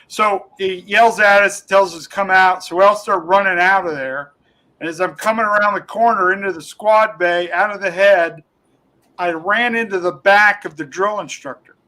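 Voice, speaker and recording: High, bright-voiced comedian guest. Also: male voice, moderate pace, rough recording. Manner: rambling, lots of restarts and fillers, laughing at his own stories. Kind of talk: casual podcast chat, telling funny stories.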